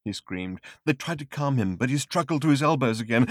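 A man narrating a story in a dry, measured storytelling voice. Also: medium pitch, dry recording. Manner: dry, measured storytelling with varied expressive delivery. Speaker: audiobook narrator. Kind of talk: scripted narration.

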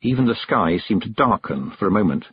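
A man reads a storybook aloud, expressive and measured, in a very husky voice. His pitch moves in a lively way. The recording is dry, close and dull. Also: no echo. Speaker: audiobook narrator. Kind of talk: storybook reading.

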